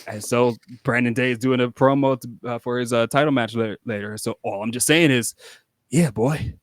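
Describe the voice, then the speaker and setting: A man's voice: medium pitch, fairly even intonation, fairly quick, dry recording, clean studio sound. A young man, a wrestler guest on a podcast, telling rambling, casual stories full of restarts and acted-out quotes. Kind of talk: casual storytelling.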